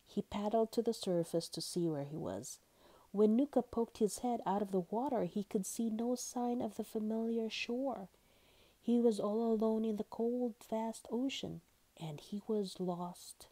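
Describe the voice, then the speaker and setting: A woman reading a children's picture book aloud in a gentle, expressive way. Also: fairly high pitch, a little slow. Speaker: storyteller.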